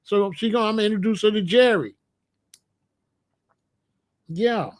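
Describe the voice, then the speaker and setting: Blunt joking man, high voice. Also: unhurried. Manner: blunt, joking, acts out little scenes. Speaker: host. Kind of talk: casual advice talk.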